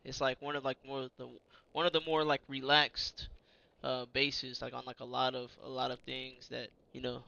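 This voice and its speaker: A young man casually telling an army story to a friend, animated, with many fillers, acting out the shouted quotes. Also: mid-range voice, moderate pace, gravelly, dry recording, dull audio.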